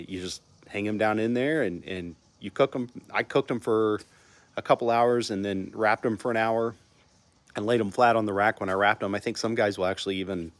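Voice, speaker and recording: A man's voice: fairly low pitch, no room sound. A middle-aged man from Texas hosting a casual barbecue vlog from home, rambling and restarting his sentences often. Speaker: channel host.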